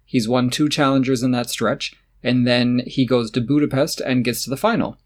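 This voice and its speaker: A man's voice: medium pitch, steady tone, normal speed. Sarcastic, opinionated male podcast host. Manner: opinionated and sarcastic, laughs often. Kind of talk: casual chat about tennis.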